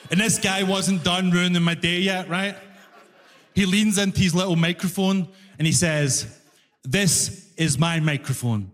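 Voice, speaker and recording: A young man doing a stand-up comedy set, telling a story in an animated, exasperated way in a large concert hall. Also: sits high, moderate pace. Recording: live hall reverb, faint room noise.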